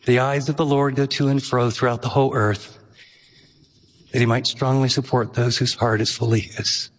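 A man's voice: medium pitch, little pitch movement, moderate pace, big-room sound. A man preaching a sermon as pastor, earnest and emphatic, who often asks rhetorical questions.

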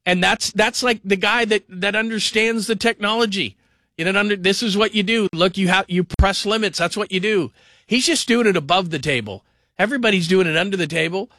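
Bright-voiced man hosting sports radio. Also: sits high, a little fast, no room sound. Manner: animated, does mocking voices of others. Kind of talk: call-in sports talk.

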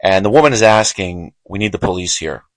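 A man's voice: low voice, expressive, brisk, dry recording, low-quality recording. A man hosting a show, giving heated, emphatic political commentary with frequent repetition. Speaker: show host.

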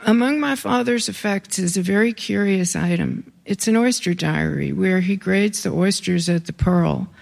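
Gravelly-voiced reader with casual asides. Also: medium pitch, a little mellow. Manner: casual asides with fillers between readings. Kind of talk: live reading of memoir stories.

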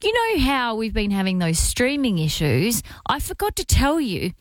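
A woman on a radio show tells a story in a lively, laughing way. Her pitch swings all over the place. The sound is close and dry, with no room around it. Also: normal speed, no echo. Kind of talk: casual chat, storytelling.

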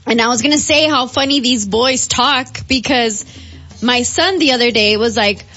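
A woman's voice: a little high, moderate pace, pushed and bright. A woman co-hosting a radio show, chatting and telling a family story with acted-out quotes. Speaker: radio co-host. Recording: dull radio broadcast with music bed.

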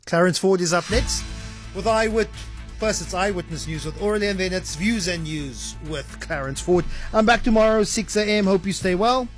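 A man hosting a radio talk show in a lively, animated way. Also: sits high, normal speed, faint music behind. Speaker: radio host. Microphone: studio mic.

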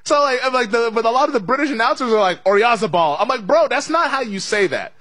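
A man's voice: very high-pitched, lively intonation, fast talker, pushed and bright, dry recording. A man hosting a sports betting show, chatting casually through a live match watch-along with lots of fillers and laughs. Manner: chatty, laughs often, many fillers and restarts.

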